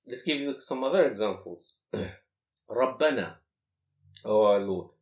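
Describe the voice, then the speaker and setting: Teacher explaining verses in an echoey room. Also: male voice, fairly low pitch, lively intonation, darkish tone. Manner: explanatory, asks the class many rhetorical questions; recites verses quickly in Arabic. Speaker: Quran teacher. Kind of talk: classroom lesson on Quranic grammar.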